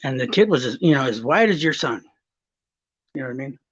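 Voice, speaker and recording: A man's voice: mid-range voice, animated, a little fast, husky. A man from Texas in casual podcast chat, telling stories with lots of swearing and restarts. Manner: rambling, swearing, storytelling. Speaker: guest. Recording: slightly muffled recording.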